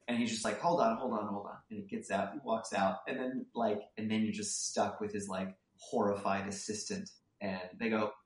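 Animated male storyteller, roomy sound. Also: fairly low pitch, moderate pace. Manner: animated storyteller who acts out people in his anecdotes. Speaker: author and screenwriter guest. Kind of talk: casual podcast interview.

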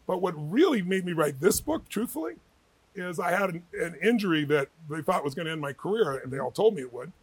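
A man's voice: sits high, very animated, fairly quick, slightly rough, no room sound. A middle-aged man telling stories with energy and emphasis as an interview guest, acting out the people he quotes. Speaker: guest, author and speaker. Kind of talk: animated interview storytelling.

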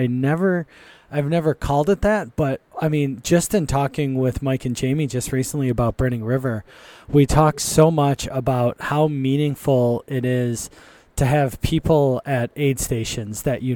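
A man's voice: medium pitch, moderate pace, warm tone, no room sound. A man chatting casually as a podcast co-host, telling running stories in a talkative way. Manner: chatty, storytelling. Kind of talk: casual conversation.

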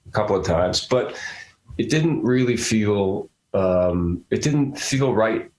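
A man's voice: fairly low pitch, expressive, takes it slowly, a little mellow, echoey room. A man in his sixties from Philadelphia with a Philadelphia accent, an actor chatting as a guest in a casual interview, rambling with many restarts.

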